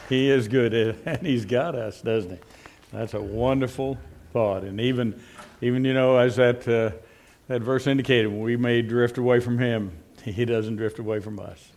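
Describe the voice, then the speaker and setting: A male pastor delivering a Sunday sermon in a relaxed, folksy storytelling manner. He often checks in with listeners through tag questions. His voice sits at an ordinary middle pitch for a man.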